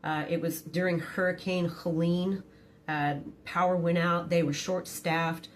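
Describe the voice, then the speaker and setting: Low-voiced woman telling a blunt story. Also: steady tone, unhurried, a little hiss or hum. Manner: blunt, profane and dramatic; quiet, low-key delivery. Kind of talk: casual storytime.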